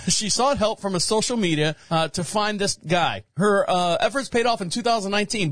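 A man's voice: high-pitched, a bit bright, no echo. A man hosting a show, reading news headlines and rambling jokingly about them in casual commentary. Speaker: show host.

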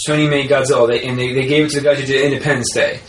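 A man co-hosting a casual podcast who talks in rambling, excitable bursts and swears freely. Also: medium pitch, racing, reverberant, poor audio. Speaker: podcast co-host. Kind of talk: casual chat.

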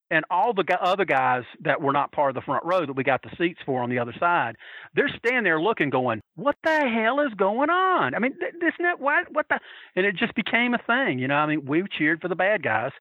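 A man telling wild anecdotes in a casual, profane, animated way, acting out other people's voices and laughing as he goes. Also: fairly high pitch, no room sound, lo-fi sound. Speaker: storyteller guest.

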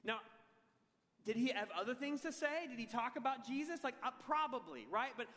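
A man preaching a sermon as pastor, telling an animated, self-deprecating story with humor. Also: very high voice, normal speed. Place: large church hall. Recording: long hall reverb.

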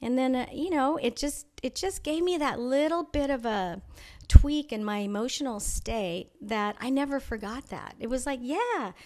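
A woman being interviewed, telling a personal story in a thoughtful, measured way with frequent pauses and restarts. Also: high-pitched, darkish tone. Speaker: interview guest. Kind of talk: reflective personal storytelling in conversation.

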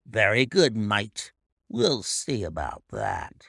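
A man's voice: lowish voice, huge pitch swings, takes it slowly, vocal fry, a bit bright, husky, dry recording, studio quality, pitched below the performer's own voice, heavily acted. A man voicing a surly, half-drunk male servant with a thick, slurred voice and a sulky, snarling manner.

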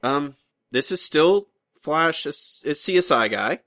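A man's voice: on the high side, expressive, slow pace, a bit bright. A man hosting a casual comics podcast, chatty and teasing, often trailing off and restarting his sentences. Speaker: podcast host.

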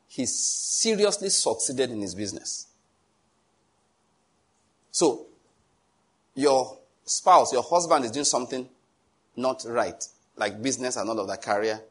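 Husky man preaching. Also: fairly high pitch. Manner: animated, joking, pleading asides. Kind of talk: sermon.

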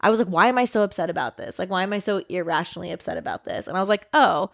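A woman's voice: lowish voice, very fast, vocal fry. A young woman co-hosting a podcast, telling a long personal story in casual chat, rambling with many fillers and frequent swearing. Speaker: podcast co-host.

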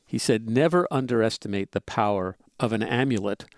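A man's voice: on the low side, animated, brisk, no echo. A man co-hosting a relationship podcast, musing aloud, often restarting his phrases and chuckling. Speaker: podcast co-host. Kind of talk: relationship advice chat.

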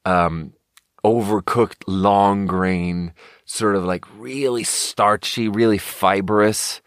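A man's voice: lowish voice, steady tone, slow pace, smooth, no echo, studio quality. A man, hosting a podcast in a rambling, profane casual monologue. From Sweden. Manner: rambling, profane, self-correcting. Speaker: podcast host.

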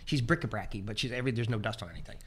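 A man's voice: on the low side, very fast, slight background noise. Male guest, 40s, from the American South, loose anecdotal storyteller with frequent restarts. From Southern United States. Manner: rambling, descriptive storyteller with many restarts. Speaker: chef guest. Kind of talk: casual podcast conversation.

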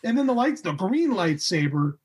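A man co-hosting a podcast in casual chat, telling stories in an excitable, emotional way with a very husky voice. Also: high voice, normal speed. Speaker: podcast co-host.

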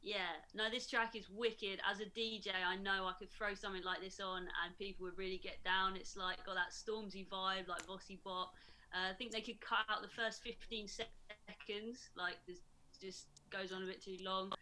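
A woman DJ giving her opinion of a new track on a radio panel. Her voice is bright and forceful, and she talks frankly and with energy. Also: mid-range voice, normal speed. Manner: frank, lively critic. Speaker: DJ and panel guest. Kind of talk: casual panel chat.

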